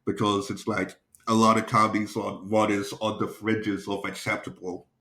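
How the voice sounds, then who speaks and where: A man's voice: lowish voice, level tone, normal speed, bright, forceful tone. A man, a stand-up comedian co-hosting a podcast, rambling through a story in casual chat. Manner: rambling storyteller, acts out quotes.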